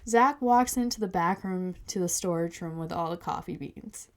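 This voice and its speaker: A woman's voice: lowish voice, moderate pace. Woman reading a story aloud. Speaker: podcast storyteller.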